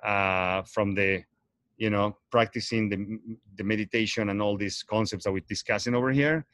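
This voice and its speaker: A man with a somewhat low voice, talking in a casual livestream. He is earnest and rambles, looping back and correcting himself as he goes. The sound is dry and close to the mic. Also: fairly even intonation, moderate pace, fairly bright tone, no room sound. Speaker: host.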